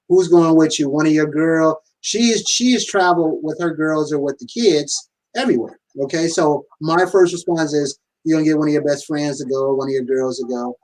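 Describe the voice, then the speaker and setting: A man co-hosting a podcast who tells his side of the story in a measured, fact-focused way and sometimes teases with playful interruptions. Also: a little high, distant mic, rough recording. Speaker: podcast co-host. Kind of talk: casual conversation.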